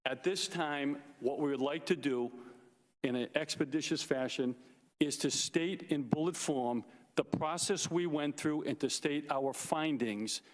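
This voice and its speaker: Guy testifying at a hearing, slow and emphatic, repeats his points, echoey big room. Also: a little high. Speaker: witness at a congressional hearing. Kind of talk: formal prepared testimony. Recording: hearing room with long reverb.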